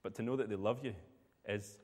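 A man's voice: fairly low pitch, steady tone, fairly quick, a little mellow, big-room sound. A man preaching a sermon, telling a personal story in a conversational way.

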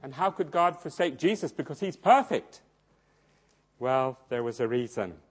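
A man preaching a sermon, swinging dramatically between loud emphasis and hushed low tones. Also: lively intonation, moderate pace, breathy edge. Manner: acts out quoted voices in his storytelling.

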